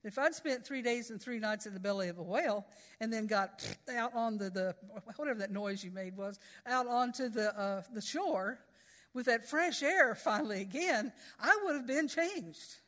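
A woman's voice: on the high side, moderate pace, a bit bright, in a large hall. A woman preaching a sermon in a folksy, conversational way, with storytelling asides.

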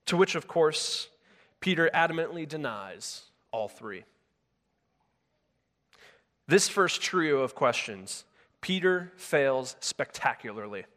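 Man, pastor, sermon, a bit high-pitched, casual with fillers and restarts, reverberant church sanctuary. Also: a bit bright. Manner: conversational with frequent filler words and self-corrections. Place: church sanctuary with a live congregation. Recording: long hall reverb.

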